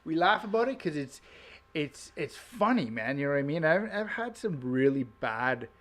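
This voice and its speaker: A man's voice: a little high, big pitch swings, normal speed, fairly bright tone. Swearing, rambling podcast host man. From Canada. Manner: loose, swearing, storytelling with lots of fillers. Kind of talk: casual chat.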